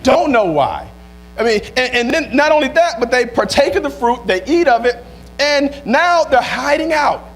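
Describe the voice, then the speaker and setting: Male pastor, high and animated, preaching with hammering rhetorical questions and shouts. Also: normal speed. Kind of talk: sermon.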